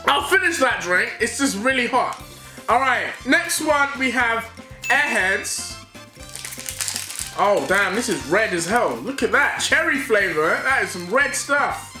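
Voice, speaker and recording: A young British man on a casual taste-test vlog, reacting loudly and with excitement. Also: very high-pitched, unhurried. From United Kingdom. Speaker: YouTuber. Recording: echoey room with loud music.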